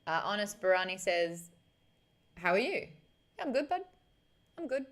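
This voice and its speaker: A woman's voice: mid-range voice, sing-song, normal speed, pauses often. A woman with an Australian accent, hosting a casual livestream, chatting cheekily and reading out viewer comments. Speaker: livestream host.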